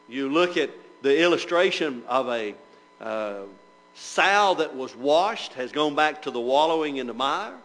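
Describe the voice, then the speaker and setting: A man with a somewhat high voice delivers a Bible class sermon. He keeps putting rhetorical questions to his listeners and reads passages of scripture aloud in their old wording. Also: a bit bright, poor audio. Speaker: preacher teaching church members.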